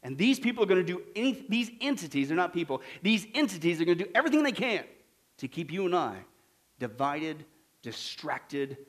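A male pastor delivering a sermon in a fairly high voice. He talks with emphatic conviction, firing off scripture references one after another. He swings between loud outbursts and hushed, low asides. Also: very animated. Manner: rapid scripture citations.

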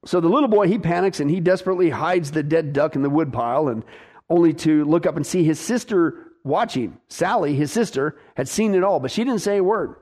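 A man preaching a sermon, emphatic and exhorting, urging his listeners on and dropping low for weight. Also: brisk, a little mellow.

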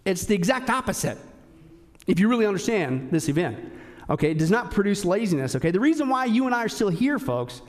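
A man preaching a sermon, emphatic, firing rhetorical questions at the congregation and swinging between loud, sharp lines and hushed, low ones. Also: very animated, a little fast. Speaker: pastor.

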